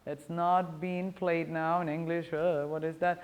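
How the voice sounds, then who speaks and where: A woman's voice: lowish voice, flat delivery, a little slow, darkish tone. A middle-aged woman whose first language is German lectures a language class from a sparse classroom. She explains patiently in English, slips into German, and keeps asking "ja?" to check that students follow. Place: bare classroom.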